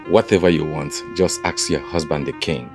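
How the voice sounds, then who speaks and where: An actor with a Nigerian accent playing a jovial, boastful king who laughs loudly and teases. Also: moderate pace, over music. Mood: tender. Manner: booming laughter, expansive and teasing. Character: jovial, boastful African king, a grown man.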